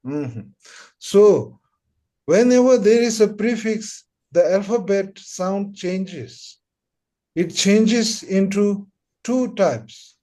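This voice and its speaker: A man's voice: high voice, lively intonation, extremely slow, dark tone. A man teaching pronunciation in an online lesson, patiently repeating syllables for students. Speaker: Tibetan language teacher.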